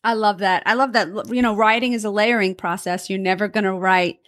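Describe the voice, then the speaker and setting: A woman's voice: mid-range voice, steady tone, a little fast, a bit bright. A woman hosting an interview, asking chatty, encouraging questions. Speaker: interviewer, host. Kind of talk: conversational interview.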